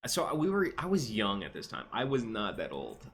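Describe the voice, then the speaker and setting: Bright-voiced man telling a rambling story. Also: fairly low pitch, normal speed, creaky, a little hiss or hum. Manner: rambling, animated, with restarts and quoted voices. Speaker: vlogger telling a personal story. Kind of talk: casual storytime monologue.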